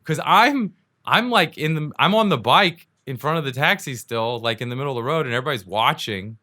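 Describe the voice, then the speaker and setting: A man's voice: a little high, lively intonation, fairly quick, bright, forceful tone, dry recording, studio quality. A man hosting his own show, telling a story in a loose, casual way and often laughing as he acts out the people in it. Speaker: podcast host.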